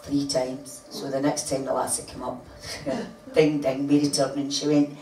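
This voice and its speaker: A woman's voice: very deep voice, little pitch movement, normal speed, few pauses, noisy background. An older woman telling a comic, rambling anecdote to a live audience, laughing as she goes. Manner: chatty, laughing, rambling storytelling. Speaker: storyteller. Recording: echoey room heard from far off. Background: loud room ambience.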